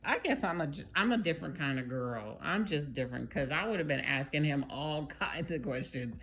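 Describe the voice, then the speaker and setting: A woman casually recapping a movie, chatty and animated, with frequent fillers and wry side remarks. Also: low voice, moderate pace, few pauses, husky. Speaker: vlogger.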